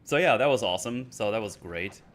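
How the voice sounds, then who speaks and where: A man's voice: lowish voice, a little fast, a little hiss or hum. A man giving a casual, rambling rant reviewing a TV episode, hesitant and full of restarts. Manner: rambling, hesitant, animated quoting of scenes. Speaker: YouTube show reviewer.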